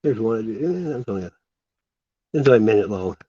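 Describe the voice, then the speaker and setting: A man's voice: lowish voice, lively intonation, brisk, mellow, breathy edge, highs cut off. A man vlogging in a casual, rambling, incredulous way. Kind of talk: casual chat.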